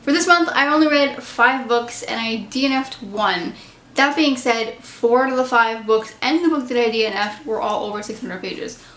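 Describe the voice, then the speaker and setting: Brief: woman vlogger, fairly high voice, chatty book talk, roomy echo. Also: normal speed, a bit bright. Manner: chatty, candid, opinionated. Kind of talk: casual book review chat.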